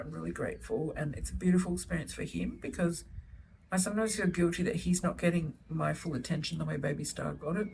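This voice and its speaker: A woman's voice: low-pitched, distant mic, rough recording. A middle-aged woman talks casually to camera about her little ones, gushing and chatty. She sits a little back from the mic at home, with a faint hum of ambience behind her. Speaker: vlogger, solo mother. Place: home, indoors, baby asleep nearby.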